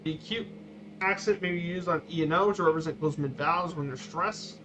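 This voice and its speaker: A man streaming a flight simulator, giving a casual slideshow talk with halting, repeated words and fillers. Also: fairly high pitch, a bit bright. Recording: dull lo-fi stream audio with faint noise.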